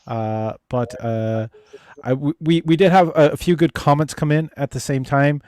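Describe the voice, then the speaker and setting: A man's voice: on the high side, moderate pace, a little mellow, dry recording, studio quality. A man hosting a relationship advice livestream, chatting casually with viewers and guests, stumbling over restarts and swearing freely. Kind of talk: casual livestream chat reading viewer comments.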